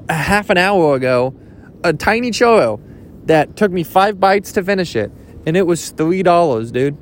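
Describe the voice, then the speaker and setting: A young man rambling jokily in a casual vlog, swearing now and then, his pitch jumping up when he gets excited. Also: moderate pace, slight background noise. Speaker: vlogger. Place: outdoors at a beach.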